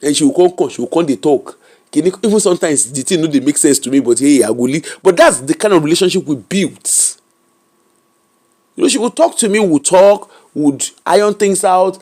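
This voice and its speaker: A Nigerian woman, appearing as an interview guest, tells candid stories about her own life in an animated, emphatic way, stressing her strongest points. She moves between English, Pidgin and Yoruba, her voice low, a little fast, with a breathy edge.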